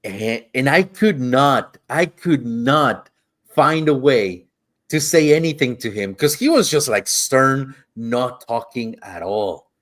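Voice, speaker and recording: A man's voice: medium pitch, expressive, slow, a bit bright. A man co-hosting a podcast, telling a travel story in casual chat, rambling, swearing freely and acting out the quotes. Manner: acts out quotes in shifting voices. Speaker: podcast co-host.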